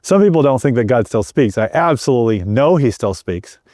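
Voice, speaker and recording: Earnest and fairly quick, a middle-aged male interview guest tells his own story with lively intonation and a mellow quality at a normal pitch for a man. Repetitions and restarted sentences come up often. The audio is dry and intimate, free of room echo.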